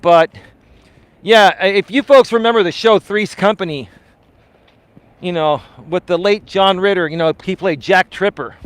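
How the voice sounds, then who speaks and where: A man's voice: sits high, fairly bright tone, clean tone, dry recording. A middle-aged man hosting a live coaching stream, chatting casually and telling rambling, profane stories. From Greek-American community. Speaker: life coach, live show host.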